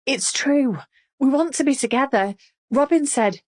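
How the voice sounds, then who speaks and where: A woman's voice: medium pitch, normal speed, darkish tone, close to an everyday voice. A woman reading an audiobook, voicing an ashamed young woman who is crying with a blocked nose and pleads. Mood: pleading.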